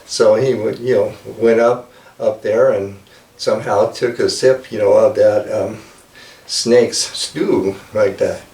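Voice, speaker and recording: A man telling a folk tale in a casual, halting way, with many fillers, recorded with a roomy sound from a distance. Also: fairly low pitch, steady tone, warm tone. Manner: halting, lots of "you know" and "like that". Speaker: storyteller. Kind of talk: casual oral storytelling.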